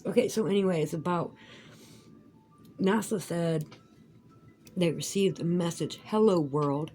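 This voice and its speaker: A woman's voice: fairly low pitch, darkish tone, poor audio. A woman chatting casually while crafting, rambling and profane, with emphatic outbursts. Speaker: vlogger.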